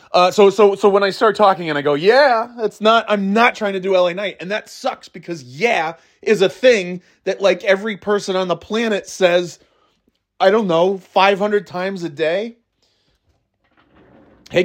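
A man talking casually on his own, rambling with fillers and restarts and cutting in short jokey imitations. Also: on the high side. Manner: breaks into short mock catchphrase imitations. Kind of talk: casual solo chat.

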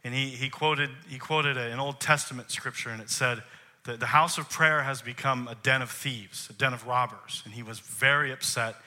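A man's voice: mid-range voice, fairly even intonation, normal speed, bright, forceful tone. A man, a worship leader, preaching a sermon in an emphatic way, posing rhetorical questions to the congregation.

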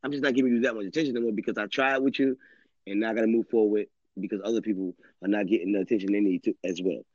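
A man's voice: on the low side, steady tone, rapid-fire, a little mellow, no echo. A man hosting a live stream, rambling casually in street slang and swearing often. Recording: dull lo-fi dry audio.

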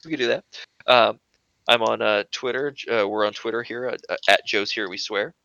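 A man's voice: on the low side, fairly even intonation, brisk, gravelly, sharp tone, dry recording, dull audio. A man co-hosting a podcast in casual chat, laid-back, swearing and laughing often. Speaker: podcast co-host.

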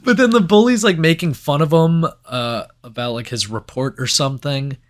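A man chatting loosely about a movie, his voice sitting a little high for a man. He swears freely and jumps into loud impressions of the characters' lines. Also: moderate pace, slight background noise. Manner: laid-back, swearing, acts out movie lines loudly. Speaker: podcast co-host. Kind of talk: casual movie review chat.

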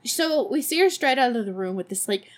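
Young woman podcast host, snarky and profane movie recap, slightly high voice. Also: animated, a little fast. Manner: sarcastic, profane, laughing asides.

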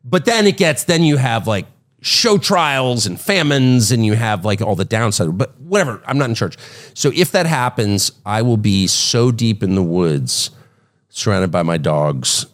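Low-ish guy rambling on a podcast, lots of "like", hedgy. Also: animated, measured pace. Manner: meandering, hedging, says "like" a lot. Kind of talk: casual comedic chat.

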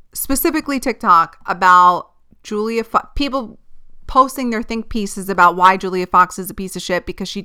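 A bright, smooth-voiced woman talks through her solo podcast in loose, casual chat. She swears freely, laughs a lot and sometimes drops to a whisper. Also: medium pitch. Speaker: podcast host. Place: filmed at home while recording.

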